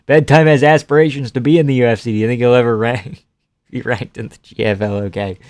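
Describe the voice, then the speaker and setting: Smooth-voiced streamer man reacting offhand. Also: medium pitch, steady tone, fairly quick, a little mellow, no room sound, studio quality. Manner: offhand, chuckling, swears casually. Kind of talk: casual live fight reaction, reading chat.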